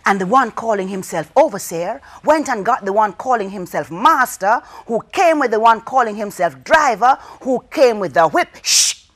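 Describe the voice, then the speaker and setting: A woman telling a folk tale to children, dramatic, with call-and-response and hushed whispers. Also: fairly high pitch, animated, normal speed, few pauses. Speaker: storyteller. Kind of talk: storytelling for children.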